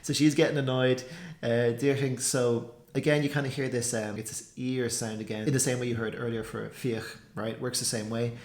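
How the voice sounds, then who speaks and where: A man's voice: medium pitch, flat delivery, normal speed. Chatty man teaching language. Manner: chatty, loose, lots of fillers. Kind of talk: casual explainer commentary. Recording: roomy echo.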